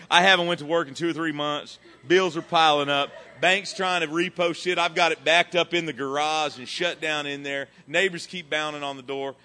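A middle-aged man giving a profane, animated recovery testimony that swings between loud and quiet. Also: fairly high pitch, moderate pace, hardly any pauses, a little hiss or hum. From Texas. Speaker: recovery speaker.

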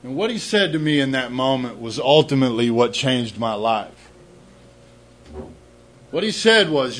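A middle-aged man tells an audience the story of his own recovery, candid and self-deprecating, often repeating words as he begins a thought. His mid-range voice has a sing-song lilt and a fairly bright tone, moving at a measured pace with frequent pauses. The audio quality is poor.

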